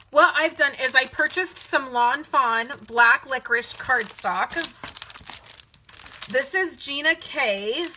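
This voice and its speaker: A woman's voice: on the high side, noisy background. A woman hosting a live card-making stream, chatting casually and greeting viewers by name. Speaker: card-making livestream host.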